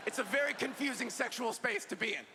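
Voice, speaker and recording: A woman's voice: a little high, fast talker, pushed and bright, slight background noise. A trans woman doing stand-up on stage, self-deprecating and punchy, in front of a live audience. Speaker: stand-up comedian. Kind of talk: stand-up comedy set. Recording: echoey hall with crowd and ambience.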